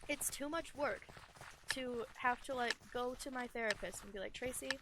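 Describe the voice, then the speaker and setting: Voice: medium pitch, moderate pace, background noise. A young adult YouTuber talking through a game in a rambling, self-deprecating casual chat, full of "like" and "you know". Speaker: gaming YouTuber. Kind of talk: casual gaming commentary chat.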